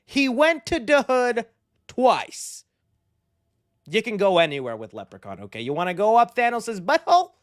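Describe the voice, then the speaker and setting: A man hosting a movie news show, talking in an excitable, slangy and rambling way. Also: high-pitched, fairly quick, hardly any pauses, no room sound, clean studio sound. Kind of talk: casual movie news commentary.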